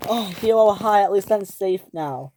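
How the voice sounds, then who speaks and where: A woman's voice: medium pitch, expressive, moderate pace, mellow, no echo, pitched above the performer's own voice, natural voice, low-quality recording. A woman voicing a worried old male toy engine with a whiny, fretful manner.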